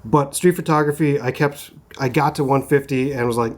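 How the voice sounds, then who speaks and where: Out at a rocky sunset location, a young photographer from Minnesota, USA reviews a lens in a laid-back chat, captured by a compact shotgun mic mounted on his camera. He speaks briskly at medium pitch, leaning on plenty of "like" and "um" fillers.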